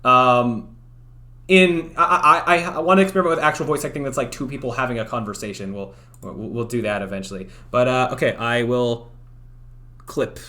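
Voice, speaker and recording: Quiet, rambling male streamer. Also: mid-range voice, normal speed. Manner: rambling, self-deprecating, many fillers; talks quietly at night. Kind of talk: casual livestream chat.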